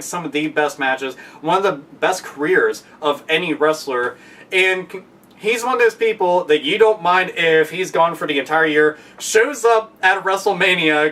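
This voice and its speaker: A man ranting casually and profanely, excitable, often breaking into loud shouted impressions. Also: fairly high pitch, far from the mic. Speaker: podcast guest.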